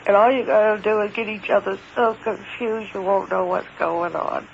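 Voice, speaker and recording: Halting high-voiced man on a dull lo-fi tape. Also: fairly even intonation, vocal fry. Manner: hesitant, halting, repeats words, grows emphatic. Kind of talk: first-person recounting of an encounter. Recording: dull lo-fi recording with faint hiss.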